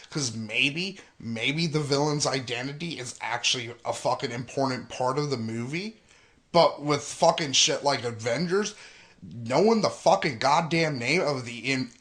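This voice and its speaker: A man's voice: a little high, fairly bright tone. Profane ranting young man. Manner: profane, ranting, heavy swearing. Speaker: gaming and movie vlogger. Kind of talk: casual rant recapping a movie preview.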